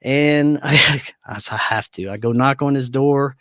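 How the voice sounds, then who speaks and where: A man's voice: mid-range voice, a little slow, no room sound, clean studio sound. A man telling a personal story as a podcast guest, acting out the voices of people in it and laughing often. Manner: animated storyteller who acts out dialogue, laughs often. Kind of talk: storytelling in a casual interview.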